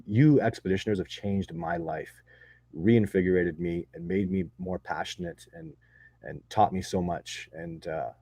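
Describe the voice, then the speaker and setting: A man's voice: low-pitched, unhurried, warm tone, husky, dry recording. A man answering viewer questions in a casual live chat, rambling and enthusiastic with many restarts. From not from Texas.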